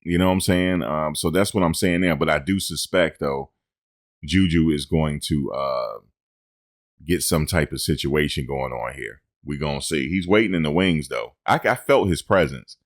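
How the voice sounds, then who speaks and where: Deep-voiced man doing casual sports talk. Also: normal speed, no echo, studio quality. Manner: conversational, repeats himself. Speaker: sports show host.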